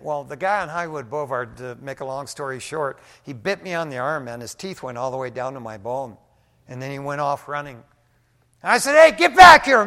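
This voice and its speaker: An older man preaching a sermon, telling a testimony in an animated, folksy way and often dropping "man" into his sentences. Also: fairly high pitch. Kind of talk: storytelling sermon. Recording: long hall reverb.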